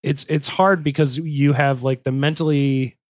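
A man's voice: on the high side, steady tone, unhurried, dry recording, clean studio sound. Man rambling through a podcast chat. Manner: rambling, joking, self-correcting restarts. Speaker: podcast host. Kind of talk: casual podcast chat and reading notes aloud.

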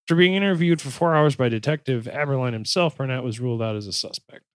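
A man's voice: mid-range voice, quick pace, dry recording. Man reading notes on a dry mic. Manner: joking, self-interrupting while reading. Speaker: podcast host. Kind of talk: casual chat, reading notes aloud.

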